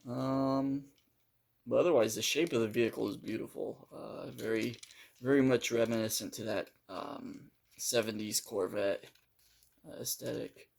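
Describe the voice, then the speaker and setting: A man's voice: medium pitch, fairly even intonation, unhurried, creaky, a little mellow. A man giving a casual, unscripted toy review, hesitant and full of fillers as he handles the figure.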